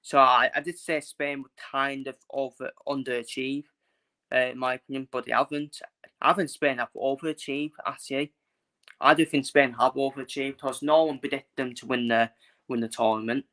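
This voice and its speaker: A man from England talks football with a bright, forceful voice, hammering the same points again and again. He speaks bluntly and emphatically, like a vlogger ranting to his viewers. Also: mid-range voice, steady tone, normal speed. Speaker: football channel host. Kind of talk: casual ranting match preview.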